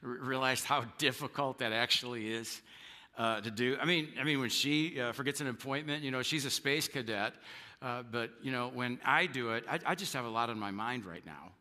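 A man preaching a sermon as pastor, earnest, stumbling over repeated words and playing out quoted spouses with sudden high outbursts. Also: a little fast, long reverb tail. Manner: earnest, repeats words when starting sentences; acts out quoted spouses with sharp jumps in pitch.

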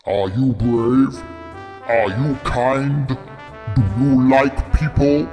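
A bold male announcer reading a job advert for a storybook tale, as a man puts him on. He lingers on every slow, drawn-out question, unhurried and inviting, with brass music behind him. His voice rings out in a long hall reverb. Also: mid-range voice, steady tone, darkish tone.

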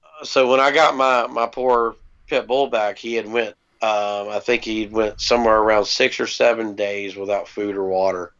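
Gravelly man telling a rambling story. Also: lowish voice, level tone, normal speed, a bit bright. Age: adult parent. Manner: laid-back, swears freely, many ums. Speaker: podcast co-host. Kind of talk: casual storytelling chat. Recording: dull lo-fi podcast audio.

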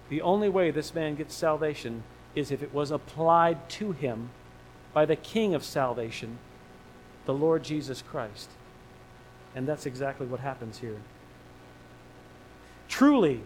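Male pastor, high voice, sermon delivery, surges from hushed to loud emphasis. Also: slight background noise, poor audio. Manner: swings between hushed low lines and loud emphatic rises; preaching with emphatic repetition.

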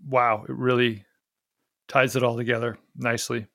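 A man hosts a loose, chatty conversation, swearing freely and mocking himself. His voice sits at a middle pitch and is recorded dry and close, with no room sound. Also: level tone, normal speed, vocal fry, sharp tone, dry recording. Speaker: podcast host. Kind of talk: casual chat.

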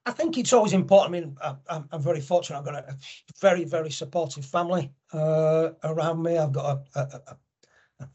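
A man's voice: a little high, fairly quick, mellow, breathy edge. A middle-aged man talking candidly as a podcast guest, telling stories with lots of restarts. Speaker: podcast guest, angel network founder. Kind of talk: conversational storytelling.

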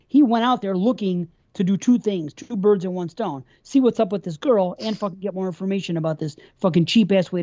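A woman's voice: mid-range voice, warm tone. A woman in a casual film discussion, swearing often and retelling scenes at length. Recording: slightly muffled recording.

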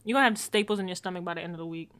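A woman in her twenties from the United States co-hosting a podcast in casual, slangy, animated chat, laughing often. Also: lowish voice, fast. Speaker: podcast co-host.

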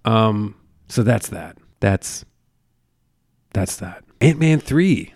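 A man's voice: fairly low pitch, expressive, extremely slow, darkish tone, no echo, studio quality. A man in his thirties hosting a podcast from home, chatting casually in a profane, rambling way that drifts off on tangents. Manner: profane, tangent-prone storytelling. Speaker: podcast host. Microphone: podcast mic.

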